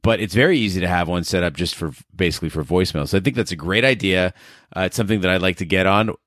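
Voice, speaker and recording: Deep-voiced man in dry casual chat. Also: fast, a bit bright, no echo. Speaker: podcast co-host.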